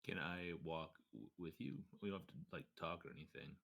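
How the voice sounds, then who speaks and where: A man speaking in character during a tabletop game, halting and stammering as he talks. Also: low voice, creaky, fairly bright tone. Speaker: player voicing his character. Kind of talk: in-character tabletop role-play.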